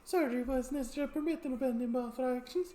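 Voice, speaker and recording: A man voicing a polite two-faced carnival sideshow man in a video game, speaking in a genteel, gently amused way. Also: extremely high pitch, rapid-fire, roomy sound, slight background noise, pitched above the performer's own voice. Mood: politely amused.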